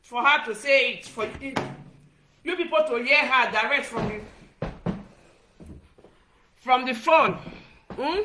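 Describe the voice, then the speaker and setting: A woman's voice: high voice, slow, pauses often, background noise. A middle-aged Nigerian woman vlogger scolding her critics in a repetitive, Pidgin-laced rant. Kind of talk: direct-to-camera rant.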